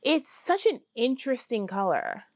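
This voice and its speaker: A woman vlogging about her spinning project in a casual, excitable way, full of fillers and little squeals of delight. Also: on the high side, normal speed, no echo, clean studio sound. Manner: excitable, gushing, apologizes for screaming; chatty with many fillers. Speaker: fiber arts vlogger. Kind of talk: casual chat to camera.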